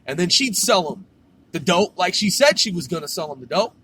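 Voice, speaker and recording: A man's voice: high-pitched, very animated, brisk, pushed and bright, slight background noise. A man telling a story casually, swearing and saying "man" at the end of his sentences. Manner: profane, drawling, says "man" constantly.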